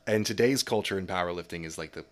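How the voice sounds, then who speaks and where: Casting note: very low-voiced man, blunt podcast guest who swears and laughs a lot. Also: fast. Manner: blunt, profane, laughs often. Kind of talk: casual chat.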